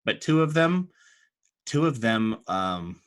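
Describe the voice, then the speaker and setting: A man narrating as game master of a tabletop game, chatty and relaxed, with frequent fillers. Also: medium pitch, slow, smooth.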